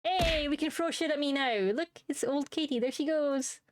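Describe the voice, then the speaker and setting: A woman's voice: high-pitched, steady tone, normal speed, no room sound, clean studio sound. A woman streamer chatting casually and playfully with her viewers, joking and laughing often. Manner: playful, giggly, silly. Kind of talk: casual live-stream chat.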